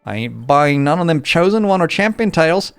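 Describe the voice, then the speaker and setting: A man's voice: fairly high pitch, sing-song, fairly quick, gravelly, clear, resonant tone, dry recording, pitched above the performer's own voice. A man voicing a boastful, gossiping male tavern keeper in a put-on Australian accent, with folksy slang. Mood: gossipy. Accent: mock Australian.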